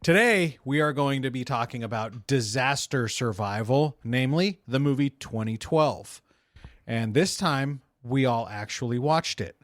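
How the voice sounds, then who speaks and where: A man's voice: medium pitch, unhurried, dry recording. Guy hosting a podcast, jokey and chill, dry close mic. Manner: joking, laughs often. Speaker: podcast host. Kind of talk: casual podcast chat.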